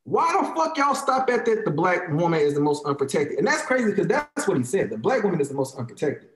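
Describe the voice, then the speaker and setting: A man's voice: a little high, sing-song, fast talker, reverberant, a little hiss or hum, poor audio. A man in his thirties with an African American Vernacular English accent, ranting in casual talk; heated, profane and emphatic, repeating lines to drive his point home. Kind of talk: casual opinionated rant.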